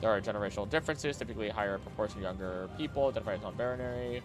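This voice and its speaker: A man streaming casually, skimming text aloud quickly with mumbled filler and breaking into loud, heated rants. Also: on the low side, over music. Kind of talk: casual live-stream chat, reading aloud.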